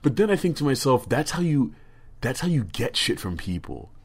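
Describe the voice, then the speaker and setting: A man's voice: medium pitch, sing-song, moderate pace, slightly rough. A man telling a rambling, profane story on a casual podcast, stammering and restarting often. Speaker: podcast co-host.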